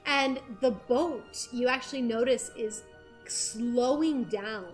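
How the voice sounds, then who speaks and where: Slow-talking woman game master. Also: a little high, soft background music. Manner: slow, descriptive, with fillers and laughs. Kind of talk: narrating a tabletop game.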